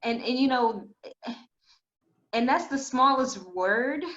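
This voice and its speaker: Female podcast host, somewhat high voice, gushing and emotional, dull lo-fi audio. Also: slow, fairly bright tone. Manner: effusive, emotional, gushing praise. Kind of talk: casual conversation.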